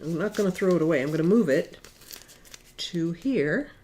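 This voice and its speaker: A middle-aged woman giving a casual watercolor painting demonstration in her studio, talking in a relaxed, chatty way with fillers. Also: fairly low pitch, moderate pace, a little hiss or hum. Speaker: watercolor art instructor.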